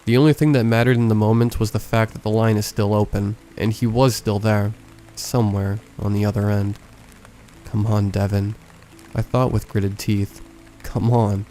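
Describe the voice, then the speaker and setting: A man with a low, mellow voice narrates a horror story in a measured, hushed way. Soft music plays faintly underneath his scripted reading. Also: fairly even intonation. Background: faint background music.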